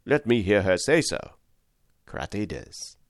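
A man voicing a starved, defiant young male captive who answers in a weak, low voice. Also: lively intonation, moderate pace, dry recording, studio quality.

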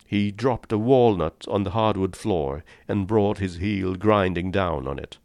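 A man narrating a short story in a measured, understated reading. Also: low-pitched, gravelly, darkish tone, dry recording, clean studio sound.

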